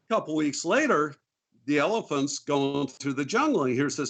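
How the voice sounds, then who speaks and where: Bright, lively-voiced male podcast guest. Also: fairly high pitch, moderate pace, vocal fry. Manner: joke-telling, playful. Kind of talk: casual chat.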